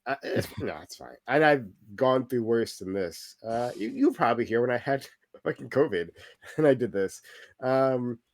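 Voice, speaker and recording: A congested, tired man hosting a casual chat, speaking haltingly with many fillers. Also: medium pitch, expressive. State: congested and sleep-deprived. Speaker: show host.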